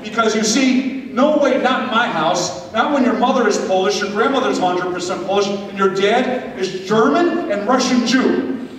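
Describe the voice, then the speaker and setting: A man giving a confirmation talk, telling a personal story with animated energy and speaking straight to his young audience. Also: high-pitched, normal speed, slight background noise. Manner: animated, addresses audience directly. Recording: echoey hall, distant mic.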